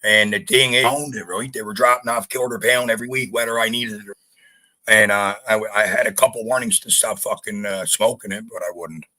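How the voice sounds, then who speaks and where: Man, from Canada, bright forceful voice, profane blunt storytelling, podcast guest. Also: on the low side, a little fast, low-quality recording. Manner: profane, blunt, animated retelling. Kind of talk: storytelling in casual chat.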